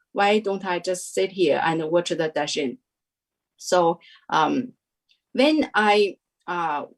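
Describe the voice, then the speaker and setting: Woman guest in her 30s, slow, lots of uhs and restarts, nonnative phrasing. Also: mid-range voice, low-quality recording. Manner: hesitant, many fillers and restarts, non-native phrasing. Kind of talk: personal testimony in an interview.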